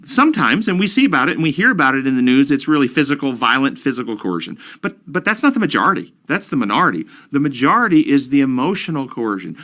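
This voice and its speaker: A man's voice: a little high, very animated, fast, few pauses, pushed and bright. A man counseling and explaining ideas earnestly in an interview, using examples and questions. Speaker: counselor guest.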